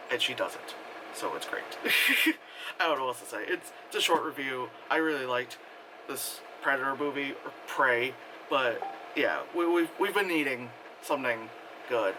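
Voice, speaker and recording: A man giving a casual spoken movie review, rambling and excitable, full of fillers and acted-out quotes. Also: medium pitch, noisy background.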